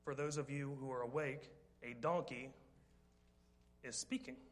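A man's voice: mid-range voice, a little slow. A man preaching a sermon, telling a story with jokes, rambling asides and direct questions to the congregation. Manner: lively, joking, rambling with asides.

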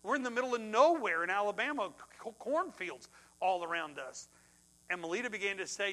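A man preaching, middle-aged, his voice sitting high and bright. He swings between ringing, forceful outbursts and quiet, hushed passages as he tells a story from the pulpit. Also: brisk, low-quality recording. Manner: animated, swings from loud outbursts to hushed tones. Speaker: pastor. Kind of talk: sermon with personal story.

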